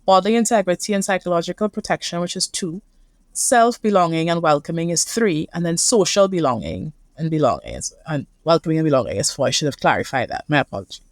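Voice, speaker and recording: A woman's voice: low voice, lively intonation, fast, no echo, studio quality. A woman with a Caribbean accent, a couples therapist speaking earnestly and reflectively as a guest in a conversational interview.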